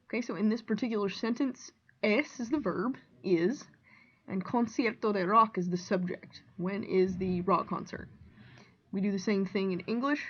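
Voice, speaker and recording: A Spanish teacher, female, moves through her lesson one example at a time, reading and then clearly explaining each at a measured, steady pace. The middle-pitched voice comes through a slightly flat, lo-fi recording.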